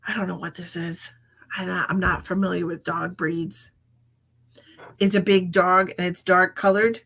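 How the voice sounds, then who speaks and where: A woman's voice: on the low side, little pitch movement, moderate pace, creaky, fairly bright tone. Chatty woman doing live psychic readings. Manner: chatty, laughs often, drops into whispered asides. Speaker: psychic medium. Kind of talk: live-streamed psychic readings, casual chat.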